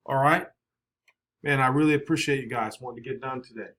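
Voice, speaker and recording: Bright-voiced male teacher in echoey classroom. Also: medium pitch. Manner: brisk, coaxing, checks in with "all right?". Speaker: math teacher. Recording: echoey classroom, faint noise.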